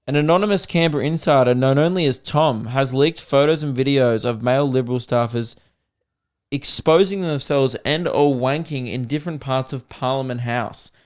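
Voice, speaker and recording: A young Australian man hosting a comedy podcast, ranting in a profane, animated way and laughing often. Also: mid-range voice, smooth. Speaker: podcast host.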